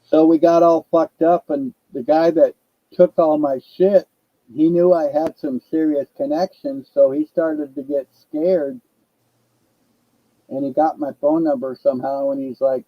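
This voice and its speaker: An older man tells a story in a loose, profane, rambling way. His voice sits a little high for a man. The recording is dry and muffled, with a lo-fi dullness. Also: fairly even intonation, unhurried, dry recording. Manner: profane, rambling, laid-back. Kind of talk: casual storytelling.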